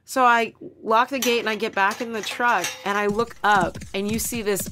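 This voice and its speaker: A woman co-hosting a casual podcast, telling animated stories with lots of fillers and laughter. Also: a little high, normal speed, over music. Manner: animated storyteller, many fillers, laughs often. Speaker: podcast co-host. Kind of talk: casual chat.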